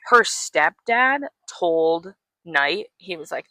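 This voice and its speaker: A woman's voice: lowish voice, a little fast, pushed and bright. A woman co-hosting a podcast, casually retelling a book's plot and acting out the characters' lines, with lots of "like" and swearing. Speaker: podcast co-host.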